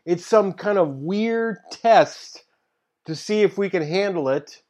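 A man's voice: high voice, lively intonation, slow pace, a little mellow. A man co-hosting a casual chat, answering with wry, mock-dramatic jokes. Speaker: co-host.

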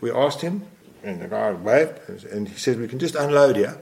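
A man's voice: mid-range voice, fairly quick. A man in his sixties, a photographer guest in an interview, telling a long story in a rambling way, often correcting himself. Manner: rambling, self-correcting, animated.

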